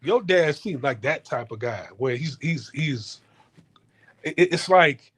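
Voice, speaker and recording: A man's voice: fairly high pitch, takes it slowly, fairly bright tone, husky. A man ranting in a casual, heated monologue, swearing often and stumbling over repeated words. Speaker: podcast host. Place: home in Houston.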